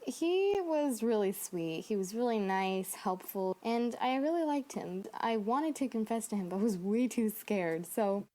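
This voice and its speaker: A woman's voice: mid-range voice, measured pace, few pauses. A young woman narrating a personal story and acting out the quoted dialogue. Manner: animated, acts out quoted dialogue.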